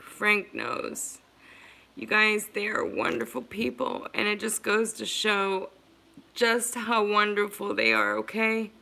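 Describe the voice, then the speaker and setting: Slow, gravelly-voiced woman livestreaming. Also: medium pitch, sharp tone. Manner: earnest, emotional, repeats herself. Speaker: livestream host. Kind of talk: emotional livestream chat with viewers.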